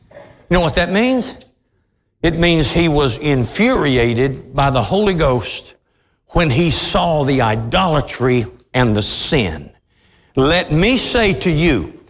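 A man preaching a sermon as pastor of his church, impassioned, swinging from low intensity to loud outbursts. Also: in a large hall, a little hiss or hum. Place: large church hall.

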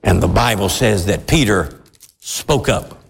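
A man preaching a sermon in a church, with fervent, drawn-out emphatic phrases. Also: lowish voice, animated, vocal fry, slight background noise. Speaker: pastor. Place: church sanctuary with congregation responses. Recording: long church reverb.

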